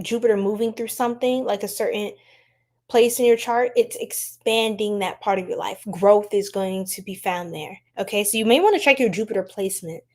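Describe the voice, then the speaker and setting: An American woman runs a relaxed tarot reading on a live stream, talking to her viewers in a chatty, lively way and laughing a lot. Her voice sits at a medium pitch.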